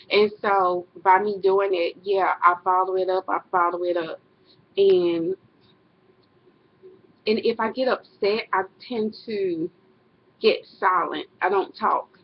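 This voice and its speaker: Lady rambling to her webcam, kinda husky, muffled lo-fi sound. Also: medium pitch, slow pace. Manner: rambling, self-correcting, laughs often. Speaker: vlogger. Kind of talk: casual personal vlog monologue. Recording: dull lo-fi webcam audio.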